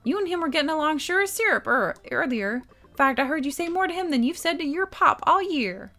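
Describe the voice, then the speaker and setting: A folksy, countrified father figure scolding his daughter with homely turns of phrase, as a woman reads him in a game. His voice sits a bit high for a dad. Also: sing-song, fairly quick, bright, forceful tone, soft background music, heavily acted.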